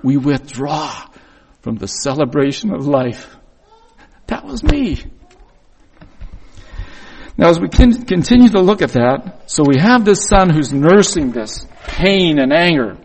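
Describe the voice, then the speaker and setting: A man's voice: a little high, animated, moderate pace, darkish tone, slight background noise, poor audio. A man preaching a reflective, confessional sermon, reading scripture and acting out the voices in it.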